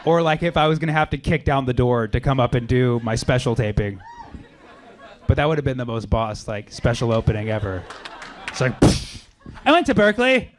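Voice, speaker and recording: A man doing a brash, animated stand-up set with crowd work on a comedy club stage. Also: mid-range voice, brisk, slight background noise. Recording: live club recording with loud crowd. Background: audience laughter.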